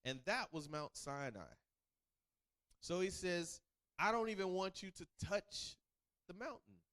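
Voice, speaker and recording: Guy teaching a bible class, kinda high voice, bouncing all over the place, keeps quizzing the room. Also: measured pace. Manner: animated, call-and-response questions, acts out quotes. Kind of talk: sermon teaching.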